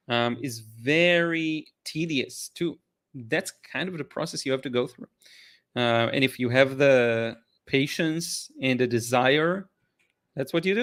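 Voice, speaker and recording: On a casual livestream, a man hosts an art Q&A, chatting with enthusiasm about paintings in a mid-range, slightly bright voice. A little tired, he yawns and rambles, full of fillers and restarts.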